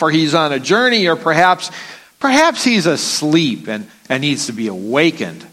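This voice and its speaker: Male preacher, fairly high voice, sermon, dramatic scripture reading. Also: animated, moderate pace, bright, forceful tone. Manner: reads scripture aloud with dramatic rises and falls.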